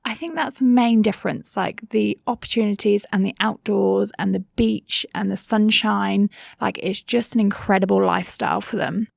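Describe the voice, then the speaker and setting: A woman's voice: mid-range voice, steady tone, normal speed, creaky, hardly any pauses, no echo, clean studio sound. A woman in her thirties with a Somerset English accent, chatting casually as an interview guest, with many fillers and asides. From England.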